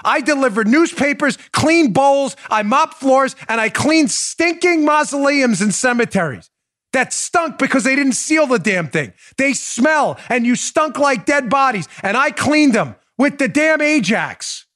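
A middle-aged male political host in a full-throated rant, his voice pushed very high and swinging wildly in pitch. He's blunt and profane and hammers the same short commands over and over. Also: lively intonation, unhurried. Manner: shouting, repetitive, blunt and profane. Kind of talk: ranting political commentary.

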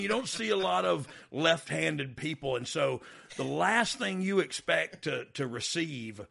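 A man's voice: fairly high pitch, vocal fry, a bit bright. A man hosting a podcast, telling wrestling stories in a casual way, laughing often and acting out quotes. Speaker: podcast host, former wrestler. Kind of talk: casual storytelling chat.

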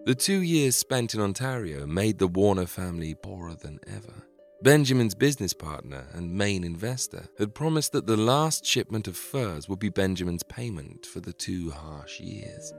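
A man narrating a scripted historical story in a measured, dramatic way. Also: low voice, big pitch swings, gravelly, faint music behind.

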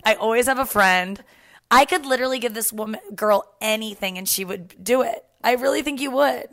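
A woman's voice: fairly high pitch, brisk, fairly bright tone, dry recording, studio quality. A young woman hosting a podcast from her apartment couch, chatting casually, laughing and swearing freely. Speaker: podcast host.

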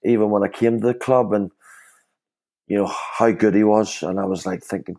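Deep mellow-voiced man. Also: steady tone, normal speed, creaky, slightly rough. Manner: rambling with many fillers and restarts. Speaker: former footballer guest. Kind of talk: casual podcast chat.

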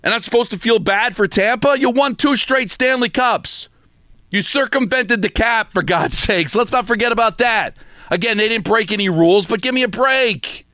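Fired-up man ranting, high bright voice. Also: dry recording, studio quality. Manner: emphatic, scolding, rapid-fire repetition. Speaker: sports talk host. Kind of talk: opinionated sports radio rant.

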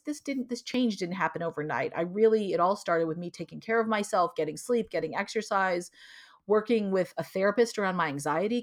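A middle-aged woman, an author and guest in an interview, talking in an expressive, emphatic way with lively quoted asides. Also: lowish voice. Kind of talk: casual interview conversation.

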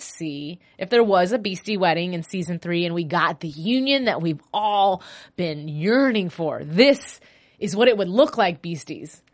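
A woman's voice: fairly low pitch, lively intonation, normal speed. A woman hosting a solo fan after-show podcast, chatting casually and gushing about the episode. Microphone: podcast mic.

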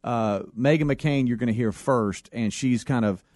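A man co-hosting a talk show, setting up a clip in a brisk, matter-of-fact way. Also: mid-range voice, a little mellow, dry recording. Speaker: radio co-host.

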